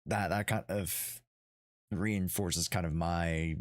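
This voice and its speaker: A man hosting a casual interview, measured and searching for his words. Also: low-pitched, fairly even intonation, no echo, clean studio sound. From United States. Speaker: interview host.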